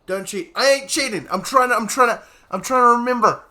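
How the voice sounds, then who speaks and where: A young man giving playful, excitable live gameplay commentary, often laughing while chatting with his viewers. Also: very high voice, fairly quick, hardly any pauses. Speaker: streamer.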